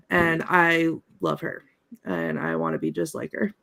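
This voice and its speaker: A woman's voice: on the low side, animated, slow pace, creaky, a bit bright. A woman on a panel discussion, reading out favorite lines and laughing between them. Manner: reads quotes aloud with laughs. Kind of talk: casual chat, reading quotes.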